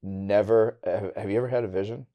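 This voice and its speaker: A middle-aged man from Wisconsin, a podcast guest telling a personal story candidly and bluntly, going quiet and halting on hard memories. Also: fairly low pitch, fairly even intonation, highs cut off. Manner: candid and blunt, with casual swearing.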